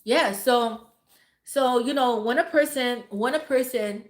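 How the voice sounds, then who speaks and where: A woman's voice: fairly high pitch, a little slow, echoey room. A woman hosting a livestream, giving blunt, heavily profane relationship advice to her viewers and repeating words for emphasis. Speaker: livestream host talking to viewers. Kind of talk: casual livestream advice talk.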